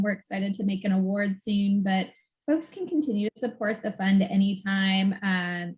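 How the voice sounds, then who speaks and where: A woman's voice: mid-range voice, low-quality recording. A woman who founded a coaching business, speaking in a friendly, informative way in an interview. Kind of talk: conversational interview.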